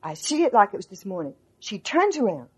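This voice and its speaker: With a mid-range, slightly rough voice and a somewhat fast delivery, an older woman tells an interviewer about something from her past. She's animated, voicing the people involved and restarting her lines often as the reminiscence unfolds.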